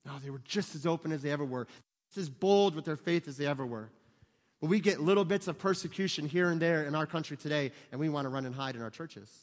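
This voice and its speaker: A male pastor preaches a sermon emphatically at a quick pace, his voice somewhat high for a man. He challenges listeners with rhetorical questions, and the long reverb of a large hall surrounds him.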